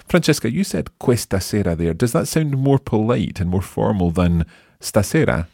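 A man hosting a podcast language lesson, modelling phrases slowly and patiently for a learner. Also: on the low side, lively intonation, vocal fry, darkish tone, husky, no echo, studio quality. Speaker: language teacher and host.

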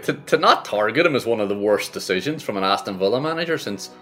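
A man's voice: on the low side, lively intonation, quick pace, sharp tone, soft background music. Sweary, mocking male podcast co-host. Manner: sweary, mocking comic riffing. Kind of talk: casual football podcast chat.

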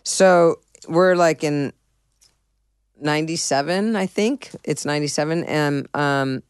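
A middle-aged woman musician tells blunt, swear-laden stories as an interview guest, playing out both sides of old arguments. Her voice comes through smooth and clear, recorded dry and close with no room sound. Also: deep voice, takes it slowly, no echo. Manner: animated, profane, acts out conversations. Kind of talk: candid storytelling in an interview.

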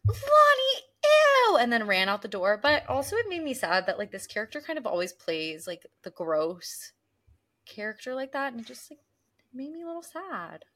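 A young woman co-hosting a casual recap chat, talking through scenes and acting out lines in quick voices. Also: fairly high pitch, very animated, fairly bright tone. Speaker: podcast co-host.

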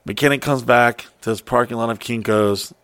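A man's voice: mid-range voice, moderate pace, no echo. A man telling a wild story in casual chat, swearing freely and acting out what people said. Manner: profane, excitable, acts out quotes.

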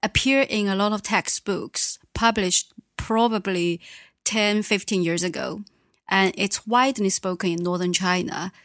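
A woman teaching Mandarin, a native speaker who patiently models words slowly and clearly. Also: medium pitch, fairly even intonation, fairly bright tone, dry recording, studio quality. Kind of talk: language teaching.

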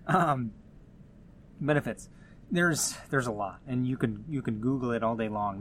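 A man with a mid-range voice hosts his own podcast, talking casually on his own in a rambling, conversational way with frequent restarts and asides. There's a little hiss or hum in the recording.

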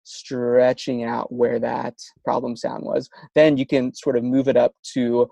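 A man's voice: medium pitch, level tone, measured pace, creaky, warm tone, dry recording. A man in an interview, explaining speech therapy techniques while stuttering with frequent sound repetitions and restarts. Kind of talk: conversational explanation.

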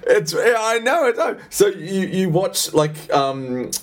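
A man's voice: high voice, big pitch swings, a loud crowd. A man co-hosting a podcast, joking in casual chat and often restarting his sentences. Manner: joking, halting with many restarts. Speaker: podcast co-host.

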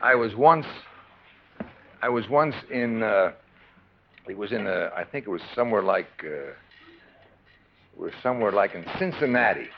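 A middle-aged man, a film star, being interviewed on stage and telling lively anecdotes in which he acts out the other people. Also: lowish voice, normal speed, vocal fry, long pauses. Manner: animated storyteller who acts out the people in his stories. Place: film theatre stage before an audience. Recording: dull archive recording with faint hiss.

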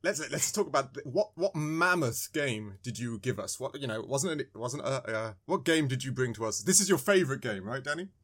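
British male co-host, mid-pitched, rambling, jokey, trips over his words. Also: expressive, brisk, few pauses, a bit bright, breathy edge. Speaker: podcast co-host. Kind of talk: casual podcast chat.

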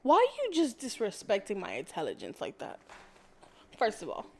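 A woman's voice: mid-range voice, wildly swooping pitch, moderate pace. A woman in her thirties co-hosting a casual podcast with her sibling, teasing, swearing freely and laughing. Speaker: podcast co-host. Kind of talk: casual chat.

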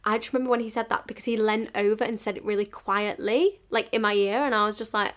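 A woman's voice: medium pitch, fairly even intonation, fast talker, few pauses, a bit bright. A woman, hosting a podcast in casual storytelling style, full of "like" fillers and acting out the people in her stories. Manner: chatty, fillers like "like", acts out quoted dialogue. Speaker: podcast host.

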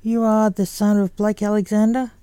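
A woman's voice: mid-range voice, little pitch movement, moderate pace, warm tone, smooth, no room sound, lightly acted. A woman reading the lines of a polite, apologetic male agent.

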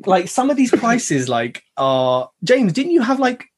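A man's voice: high voice, big pitch swings, moderate pace, hardly any pauses, husky. A man hosting a casual podcast, bantering in slang and laughing often. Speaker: podcast host.

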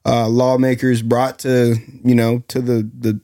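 A man co-hosting a podcast in casual chat, measured and pausing often. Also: mid-range voice, level tone, mellow, no room sound, clean studio sound. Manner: measured, with many "uh" pauses. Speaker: podcast co-host.

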